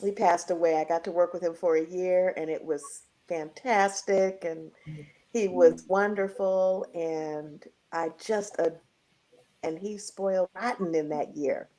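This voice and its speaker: A woman jazz singer tells a heartfelt story over a video call. She is animated, acting out the quoted voices and laughing as she goes. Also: fairly low pitch, a little slow. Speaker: guest jazz vocalist. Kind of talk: emotional storytelling.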